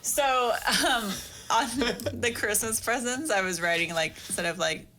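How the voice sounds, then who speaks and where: A woman's voice: fairly high pitch, lively intonation, measured pace, heavy background noise. A young woman co-hosting a podcast in casual chat, giggly and teasing. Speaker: podcast co-host.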